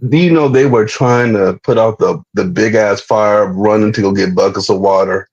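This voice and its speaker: Husky low-voiced man, muffled call. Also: moderate pace, darkish tone. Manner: blunt and emphatic, slangy. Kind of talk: casual opinionated chat.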